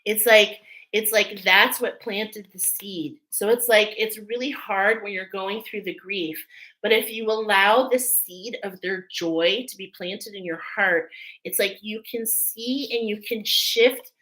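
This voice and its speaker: A woman's voice: mid-range voice, steady tone, a little slow, bright, forceful tone, low-quality recording. A middle-aged woman giving a spiritual oracle reading in a chatty, emotional way, often checking in with "okay?". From Irish Catholic family. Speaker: oracle card reader. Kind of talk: spiritual card reading, live.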